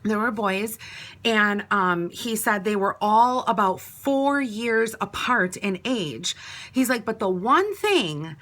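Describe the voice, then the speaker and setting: Bright-voiced chatty woman. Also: medium pitch, lively intonation, takes it slowly. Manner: chatty, many "like"s, acts out quoted talk. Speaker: vlogger telling a personal story. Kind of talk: casual storytime monologue.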